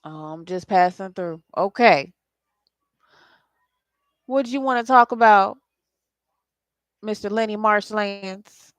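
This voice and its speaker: A woman's voice: medium pitch, takes it slowly, pauses often, no room sound. A woman doing a casual channeling session as a psychic reader, chatting and laughing with her viewers. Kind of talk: casual spirit channeling livestream.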